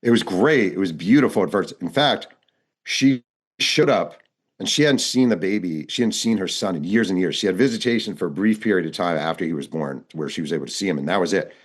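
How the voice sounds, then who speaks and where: A male author being interviewed, telling his reporting stories in a lively, narrative way and acting out the people he quotes. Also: low voice, a little fast, slightly rough. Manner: vivid narrator, acts out quoted dialogue. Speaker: author and guest. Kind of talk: storytelling interview answers.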